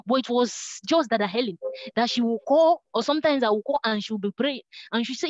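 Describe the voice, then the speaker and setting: High-voiced woman preaching. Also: fairly quick, dry recording, dull audio. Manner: earnest, repetitive preaching with prayers. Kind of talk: sermon.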